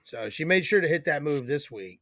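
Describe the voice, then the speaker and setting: A man's voice: on the high side, animated, a little fast, fairly bright tone, dry recording. Joking, cursing man with a dry sound. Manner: profane, joking. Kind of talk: casual chat.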